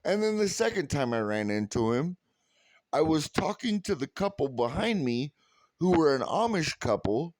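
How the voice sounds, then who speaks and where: A man's voice: a little high, sing-song, normal speed, a little mellow, dry recording. A man from California telling a heated, sarcastic story full of swearing, in a profane rant. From California, USA. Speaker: vlogger.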